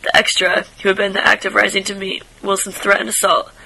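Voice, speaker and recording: Guy reading a story out loud, high-ish gravelly voice, trips on words n restarts. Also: completely flat delivery, quick pace, a little hiss or hum, rough recording. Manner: stumbles and restarts over words, drops to soft asides. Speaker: reader. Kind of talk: casual read-aloud of a short story.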